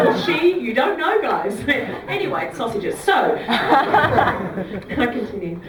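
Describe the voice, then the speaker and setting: A woman doing a stand-up comedy set on a club stage, chatty and giggly, acting out fake phone calls in a low murmur. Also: sing-song, normal speed, very noisy. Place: comedy club stage before a live audience. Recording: roomy club sound, heard from some distance.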